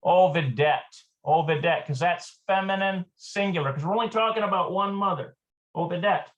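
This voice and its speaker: A man teaching a casual language lesson, thinking aloud and slowly repeating words as he works through exercises. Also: sits high, dull audio.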